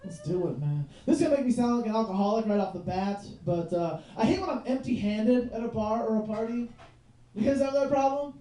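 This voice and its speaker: A man's voice: sits high, a little fast, warm tone, slight background noise. A man in his twenties doing a loose, rambling stand-up set at a bar, full of "like" and "you know what I mean.". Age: 20s. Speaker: stand-up comedian. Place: bar stage in front of a live audience. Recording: roomy bar recorded from a distance.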